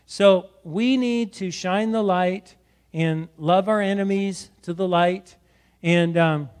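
Middle-aged pastor guy preaching in church, pretty high voice, keeps tossing in "right?". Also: slow pace, a little mellow, clean tone. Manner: exhorting, repeats words and adds "right?". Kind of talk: sermon. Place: church sanctuary.

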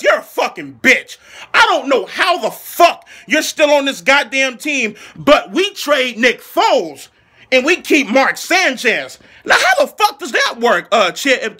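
A man delivering a furious, mocking, heavily profane comedic rant as an angry football fan, breaking into shouts. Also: very high voice. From Philadelphia. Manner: furious, mocking, heavy swearing, shouting bursts.

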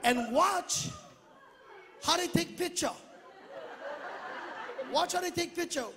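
A man doing stand-up comedy on a theater stage, loud and animated, mimicking family members. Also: extremely high pitch, slow pace, noisy background. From Hawaii. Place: theater stage before a live audience. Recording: echoey theater with a laughing crowd. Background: audience laughter.

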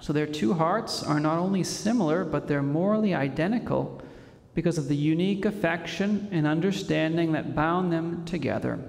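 A fairly high-voiced priest gives a homily, measured and reverent, with a gravelly edge. His voice carries the long reverb of a church hall. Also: darkish tone. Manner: measured, reverent delivery with frequent pauses.

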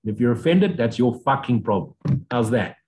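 Man, mid-pitched, teaching off the cuff: blunt, swears freely, mocks in squeaky voices. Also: lively intonation, fairly quick, darkish tone, low-quality recording. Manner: blunt, profane, provocative; mocks views in sudden high voices. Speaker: spiritual teacher. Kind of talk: unscripted lecture.

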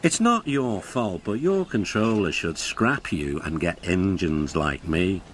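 A man's voice: deep voice, very animated, a little slow, a bit bright, slight background noise, pitched below the performer's own voice, full character voice. A man voicing a sneering, boastful diesel engine. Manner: scornful, smug.

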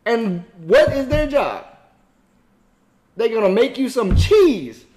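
Man, high voice, very animated pitch, casual reaction commentary, profane. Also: takes it slowly, noisy background. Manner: animated, profane, talks back at the screen. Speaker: reaction video host.

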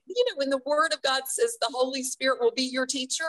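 A woman guest author telling a personal faith story in an interview, earnest and quick to laugh. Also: high-pitched, a bit bright, rough recording.

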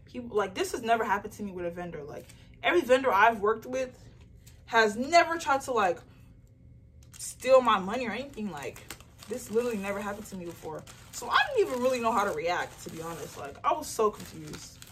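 A young woman in a casual home vlog, talking straight to her phone while she packs orders. She tells her story in a chatty, animated way, full of "like", with faint crinkling of mailers and tape behind her. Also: medium pitch, brisk, far from the mic, a little hiss or hum. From Nigerian heritage. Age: young adult. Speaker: small business owner vlogger. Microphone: phone camera.

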